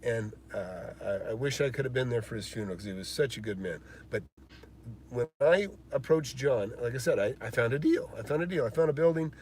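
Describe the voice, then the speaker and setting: A man's voice: medium pitch, brisk, darkish tone, a little hiss or hum. A man hosting a live stream about real estate investing, answering viewer questions and telling stories with many fillers and a lot of emphasis.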